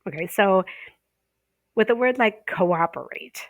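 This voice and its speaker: Speaking at a medium pitch in a dry recording, an ESL teacher trainer delivers an online pronunciation lesson. She explains step by step, keeps asking "okay?", and draws example words out slowly.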